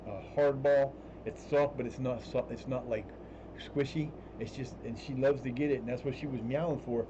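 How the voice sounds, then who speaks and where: A man streaming live from home, chatting casually, swearing freely and grumbling at his equipment. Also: medium pitch. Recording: muffled stream audio with steady noise.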